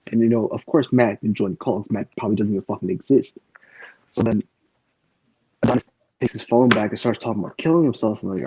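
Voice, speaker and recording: Fast and fairly low, with a slightly rough edge, a man rambles and curses freely while hosting a casual podcast, full of fillers. The recording is dull and lo-fi.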